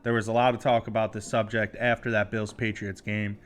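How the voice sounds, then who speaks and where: Opinionated man in relaxed sports talk. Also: lowish voice, brisk, a little hiss or hum. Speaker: podcast co-host. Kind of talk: casual sports chat. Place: studio.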